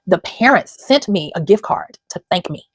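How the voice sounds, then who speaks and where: A woman's voice: on the low side, lively intonation, normal speed, husky, no room sound. A woman in her fifties giving an earnest, emotional motivational talk to her viewers, close to tears at times. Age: 50s. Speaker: channel host. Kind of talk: personal motivational talk to camera.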